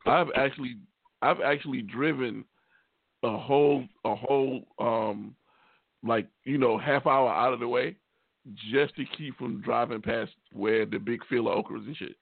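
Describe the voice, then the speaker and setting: Gravelly guy hosting, slangy, cussing, sounds like a phone line, dry. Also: medium pitch, a little slow, no echo. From North Carolina. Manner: slangy, loose, swearing. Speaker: host. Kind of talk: casual radio chat.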